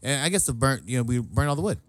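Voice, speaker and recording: A man in his late thirties tells stories on a podcast with lots of cursing and laughter. His pitch swings widely as he acts out what others said. The sound is dry and close to the mic. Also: quick pace, no room sound. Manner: animated, swearing, laughing, acts out quotes. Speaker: podcast host. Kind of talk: casual storytelling chat. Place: southern California.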